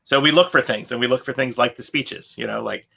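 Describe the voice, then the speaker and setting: Gravelly, bright-voiced man chatting casually. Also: mid-range voice, a little fast. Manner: rambling, self-interrupting, laughs often. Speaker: podcast co-host. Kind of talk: casual podcast chat.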